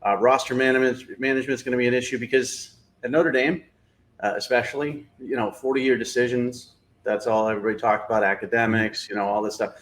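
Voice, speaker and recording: A man's voice: mid-range voice, fairly even intonation, fast talker, a bit bright. A middle-aged man hosting a sports show, giving blunt, opinionated analysis in casual talk with lots of fillers.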